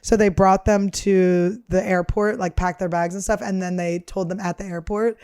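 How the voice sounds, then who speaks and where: A woman's voice: mid-range voice, fairly even intonation, moderate pace, darkish tone, clear, resonant tone. A woman comedian hosting her podcast, telling candid, profane stories in a rambling, casual chat. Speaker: podcast host and stand-up comedian.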